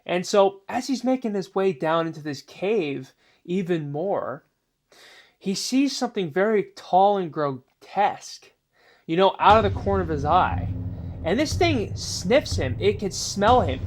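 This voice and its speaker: A man's voice: high voice, lively intonation, a little slow. A man telling a spooky story in a casual, rambling way, full of filler phrases. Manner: rambling, many "you know" fillers.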